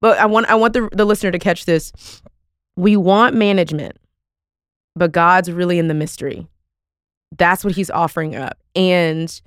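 A woman's voice: lowish voice, clear, resonant tone, no room sound, clean studio sound. A woman, hosting a podcast and talking in an earnest, folksy, emphatic way. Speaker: podcast host. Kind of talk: casual podcast talk.

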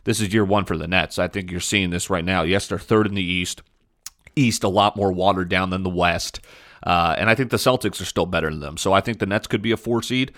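A man's voice: low-pitched, brisk, fairly bright tone. A young man hosting a podcast, giving blunt, opinionated sports talk with frequent fillers. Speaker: podcast host. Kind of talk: casual sports talk monologue.

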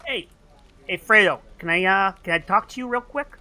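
Man doing a smooth mob boss, bright, quietly pushy. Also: high-pitched, normal speed. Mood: insistent. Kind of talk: comedic gangster-movie impression.

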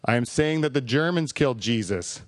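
A man's voice: medium pitch, lively intonation, brisk, very noisy. A man hosting a podcast in a casual, jokey and rambling way, reading listener feedback aloud. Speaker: podcast host.

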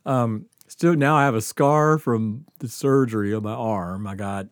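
Male storyteller, casual and animated, swings between hushed asides and loud bursts, dry close sound. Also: mid-range voice, measured pace, no echo. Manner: animated, acts out quotes, laughs often. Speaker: guest storyteller.

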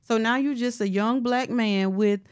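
A woman guesting on a casual podcast chat, firm and measured, reasoning things through in full sentences. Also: a little high, smooth, dry recording, clean studio sound.

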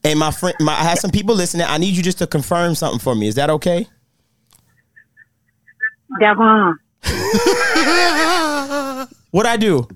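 An older grandmother with a Southern US accent, giving short, soft-spoken answers on a phone call. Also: lowish voice, sing-song, a little slow, pauses often, no echo. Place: at home, heard over a phone on speaker. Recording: phone call with voices behind. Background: other people talking and laughing.

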